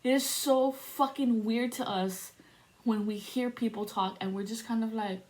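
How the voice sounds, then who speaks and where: Profane, animated woman in her forties. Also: fairly high pitch, a little slow. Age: 40s. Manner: profane, animated storytelling with laughs. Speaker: spiritual vlogger. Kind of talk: casual monologue.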